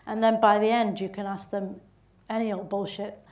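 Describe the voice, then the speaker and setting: A woman's voice: medium pitch, level tone, moderate pace, darkish tone, distant mic. A woman with a Bolton accent, an actress telling stories as a guest in a casual interview, chatty and laughing through her anecdotes. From England. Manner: chatty, laughing storyteller with restarts. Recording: roomy sound from off mic.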